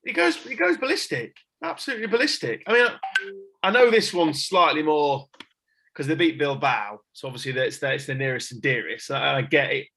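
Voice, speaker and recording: A man hosting a podcast, telling stories in an excitable, jokey way. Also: a little high, normal speed. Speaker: podcast host. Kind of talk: casual chat.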